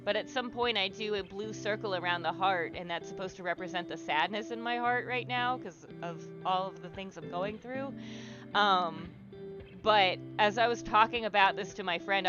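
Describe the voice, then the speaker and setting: On a lo-fi recording, a young woman with a mid-range voice hosts a livestream art therapy exercise. She draws as she talks in a casual, rambling way, stumbling through fillers and restarts and encouraging the people watching.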